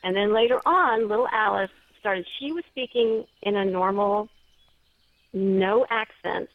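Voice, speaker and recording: Speaking at a measured pace in a medium-pitched voice, the same kind of guest, a paranormal story writer, shares a personal story on an interview show. She's chatty and restarts herself a little, and the lo-fi audio is dry and somewhat dull, with no room sound.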